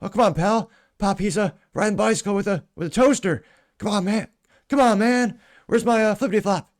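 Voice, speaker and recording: A man's voice: high voice, a little fast, voice pushed up. Brief: a man doing a confused old politician who mumbles and stammers in a pushed, raised voice. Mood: rambling. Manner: mumbling, stammering nonsense with "uh" fillers. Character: rambling, confused elderly male politician. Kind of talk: mock impression in commentary.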